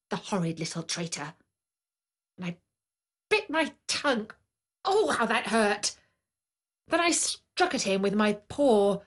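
A stately, proud lioness queen tells her storybook tale, as a woman reads her. She speaks slowly and grandly, with haughty assurance. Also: on the high side. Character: proud female lion queen of the plains. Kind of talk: storybook narration in character.

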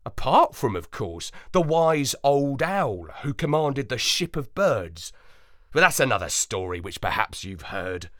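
A storyteller reading a playful storybook in the first person, in an expressive, unhurried manner. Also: medium pitch, no echo, studio quality. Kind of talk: storybook narration.

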